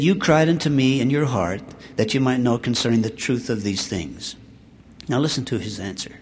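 A man giving a sermon, reading scripture aloud in a measured way that slows and swells on the verses. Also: mid-range voice, a little hiss or hum. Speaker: church speaker.

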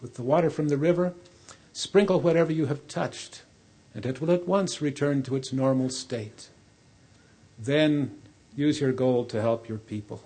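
A calm immortal stranger questions a king in measured tones, as a man puts him on. The voice is dark and mellow with a slightly husky grain. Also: medium pitch, close to an everyday voice. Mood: instructing. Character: calm immortal male stranger granting wishes.

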